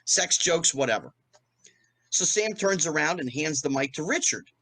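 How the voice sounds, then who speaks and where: Animated middle-aged man telling stories. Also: fairly high pitch, normal speed, low-quality recording. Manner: animated, acts out quoted voices. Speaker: podcast guest. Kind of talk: anecdotal storytelling.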